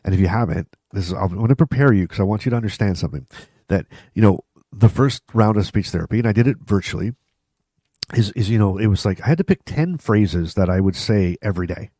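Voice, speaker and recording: A middle-aged man hosts his own vlog. He talks straight to the viewer in a casual, chatty way, often restarting sentences and tossing in asides. His voice is low and mellow, recorded dry and close. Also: animated, fast talker, no echo. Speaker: vlog host. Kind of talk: casual talk to camera.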